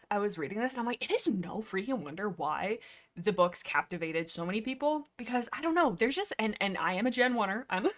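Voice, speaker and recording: A woman's voice: on the low side, a bit bright. A young woman hosting a casual livestream chat, rambling in a giggly, self-deprecating, slightly nervous and breathless way. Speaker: livestream host.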